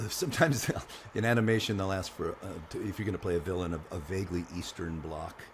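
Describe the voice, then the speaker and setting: A man's voice: low-pitched, fast, slight background noise. A man co-hosting a podcast, talking in a blunt, laid-back way with some swearing. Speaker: podcast co-host. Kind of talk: casual podcast chat.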